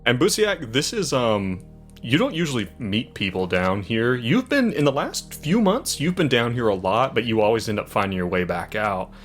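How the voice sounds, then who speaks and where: Lively, low-voiced game master. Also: male voice, normal speed, soft background music. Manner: animated, descriptive narration. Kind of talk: narrating a tabletop game.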